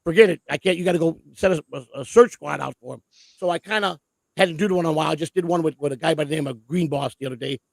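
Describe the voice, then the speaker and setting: A man's voice: on the high side, quick pace, gravelly, dry recording, rough recording. A man co-hosting a casual talk stream, telling long stories in a rambling, profane way and stumbling over repeated words as he starts sentences. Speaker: co-host.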